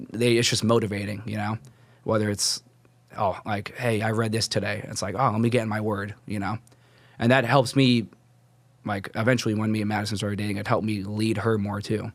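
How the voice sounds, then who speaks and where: On a podcast, a young guest with a voice on the low side tells how he came to faith, and there is no echo. It's a casual, rambling testimony, full of restarts and the filler "like."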